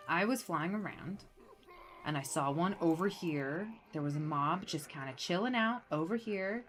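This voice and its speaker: A woman streamer chatting casually while playing, rambling and animated, full of fillers as she tells a story. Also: on the low side. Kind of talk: casual gameplay commentary.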